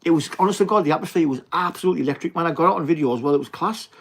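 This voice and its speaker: Young man, Teesside accent, livestream host, casual blokey chat, says mate a lot, slightly high voice. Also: racing, breathy edge. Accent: Teesside English. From England. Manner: chatty, blokey, swears and says mate often. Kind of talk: casual livestream chat reading viewer comments.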